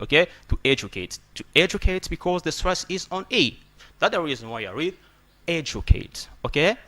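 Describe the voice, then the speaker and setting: Man teaching English on the radio. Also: fairly high pitch. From Democratic Republic of Congo. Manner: tags nearly every sentence with "okay?"; emphatic, preachy teacher, often gets louder to stress a point.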